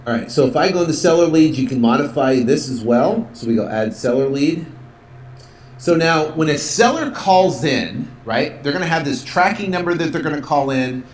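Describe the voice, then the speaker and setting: A man's voice: a little high, animated, moderate pace, slight background noise. Male instructor, casual screen-tutorial voice, filler-heavy, roomy room tone. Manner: casual, upbeat, many fillers, acts out sales calls. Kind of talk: software walkthrough tutorial.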